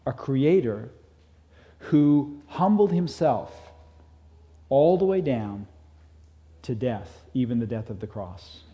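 A man preaching a sermon as a pastor, earnest, rising in intensity and then dropping to soft emphasis. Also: mid-range voice. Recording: long hall reverb.

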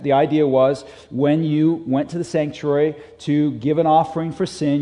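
Emphatic preacher in a reverberant hall. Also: male voice, a little high, warm tone. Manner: emphatic, repeats key phrases. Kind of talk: sermon.

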